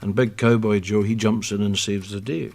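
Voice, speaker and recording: A man's voice: lowish voice, steady tone, moderate pace, gravelly, a little mellow. An actor with a Scottish accent playing an irritable old man who lectures and grumbles, in a sketch comedy. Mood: exasperated. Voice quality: exasperated, grumbling. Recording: background noise.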